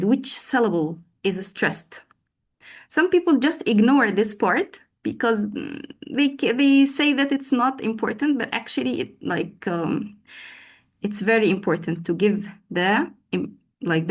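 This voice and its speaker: A woman teacher trainer leading a live online lesson, calling on participants by name and explaining teaching steps with frequent fillers. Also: medium pitch.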